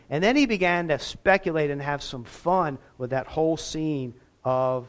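A pastor delivering a sermon, his voice sitting a little higher than most men's. He talks in an easy, conversational way and drops self-deprecating asides between points. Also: moderate pace, few pauses.

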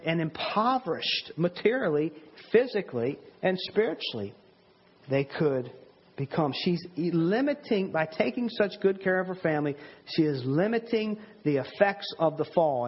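A man's voice: sits high, husky, lo-fi sound. A man preaching a sermon in an earnest, emphatic way, often repeating words and restarting his sentences.

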